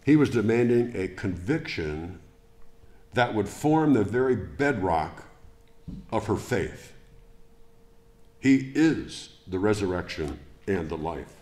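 Slow, low-voiced preaching man. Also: expressive, darkish tone. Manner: deliberate, emphatic preaching with rhetorical questions. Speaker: pastor. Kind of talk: sermon. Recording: echoey church room.

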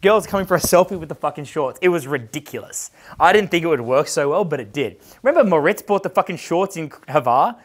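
A man's voice: a little high, expressive, a little fast. A man working as a dating coach, telling casual stories in a brash, profane way, laughing often and acting out the voices of the people in his stories. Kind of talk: casual storytelling chat.

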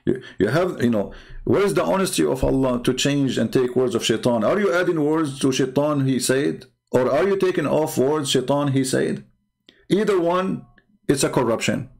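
Argumentative man with a gravelly voice. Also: mid-range voice, darkish tone. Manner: argumentative, halting, many fillers and restarts. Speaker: religious commentator. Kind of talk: unscripted screen-share talk.

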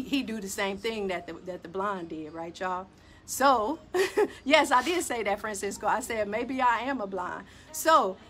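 Animated woman telling a story to listeners. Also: fairly high pitch. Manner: animated, emphatic, addresses audience directly. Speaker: podcast host.

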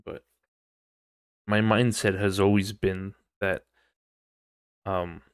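A man's voice: on the low side, no room sound, studio quality. A man hosting a casual solo podcast, rambling, swearing freely and laughing often. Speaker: podcast host.

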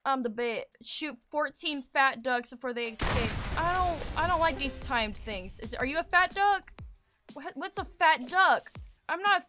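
A young woman streaming a game, talking casually in an excitable, rambling way and swearing often. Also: high voice, a little slow, music in the background. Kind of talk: casual gaming commentary.

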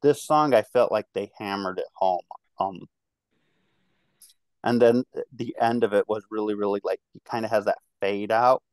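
Midwest guy in his 30s w a bit of twang, kinda low voice, rambly casual music review, dry sound. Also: normal speed, a little mellow, no room sound. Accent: Midwestern American. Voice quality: slight twang. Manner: rambling, hesitant, lots of fillers and restarts. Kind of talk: casual album review chat.

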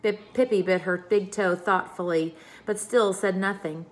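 A woman teacher reading a chapter book aloud to her class, expressive and engaging. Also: mid-range voice, moderate pace.

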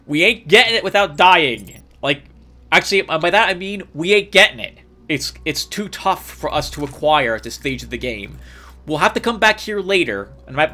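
A man hosting a let's play, chatting casually and rambling excitedly as he plays, laughing often. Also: on the high side. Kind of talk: casual gameplay commentary.

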